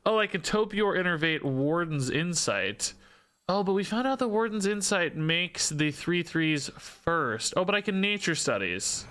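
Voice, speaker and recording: A man's voice: high voice, sing-song, unhurried, a bit bright, smooth. A man streaming a card game, thinking aloud, questioning himself and joking between plays. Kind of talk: live-stream gameplay commentary.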